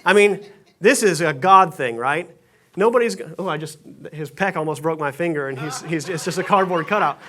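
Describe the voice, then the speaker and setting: Higher-voiced man preaching a sermon. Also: moderate pace, sharp tone. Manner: conversational, self-deprecating storytelling with frequent restarts. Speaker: pastor. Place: church sanctuary stage.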